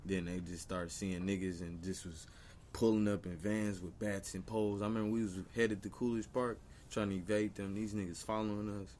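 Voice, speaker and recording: A low-voiced man talking in a relaxed, unhurried way, adding his own details to a friend's story. A faint rumble and a little noise sit under his voice. It is a casual, unscripted conversation. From Long Beach, California. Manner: laid-back, chimes in with supporting details. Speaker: podcast guest. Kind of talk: casual chat.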